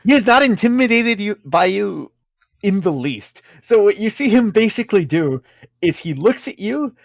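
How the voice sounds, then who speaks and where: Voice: medium pitch, sing-song, moderate pace, gravelly, dry recording. A game master narrating a tabletop game, rambling with many fillers and frequent giggles.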